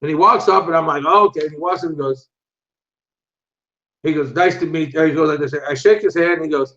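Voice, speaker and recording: High-voiced older man telling animated stories. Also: fairly quick. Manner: animated anecdotes, acts out voices, swears. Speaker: interview guest, martial arts instructor. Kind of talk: casual storytelling. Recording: muffled lo-fi recording.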